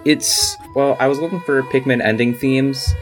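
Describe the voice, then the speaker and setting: A man's voice: mid-range voice, normal speed, soft background music. A man co-hosting a podcast in casual chat, eager and rambling with many fillers. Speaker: podcast co-host.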